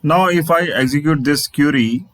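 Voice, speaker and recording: In a screen-share coding tutorial, a programming instructor spells out letters and repeats phrases as he works. His voice is a little high and fairly bright at normal speed, on a dry, poor-quality recording.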